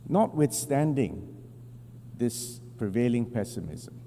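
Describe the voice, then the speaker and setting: A man giving a formal prepared speech to a large assembly, in measured, deliberate phrasing with emphatic stresses, at a podium microphone. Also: mid-range voice, big pitch swings, dark tone. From Singapore. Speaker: national representative addressing the General Assembly. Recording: long hall reverb with faint hum.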